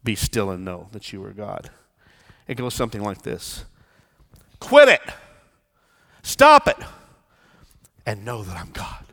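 A man preaching a sermon as pastor, swinging from hushed pleading to loud declaration. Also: lowish voice, normal speed, husky. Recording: long church reverb.

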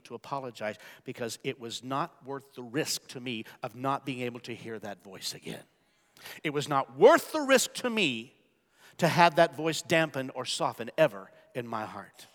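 A male pastor preaching a sermon, swinging from hushed, quiet passages to loud, emphatic calls. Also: mid-range voice. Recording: long church reverb with soft music.

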